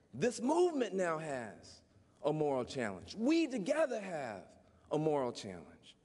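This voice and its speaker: A man giving a humorous conference speech to an audience, folksy and teasing, then turning earnest and preacher-like. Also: sits high. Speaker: keynote speaker, activist. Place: large lecture hall. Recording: long hall reverb, faint room noise.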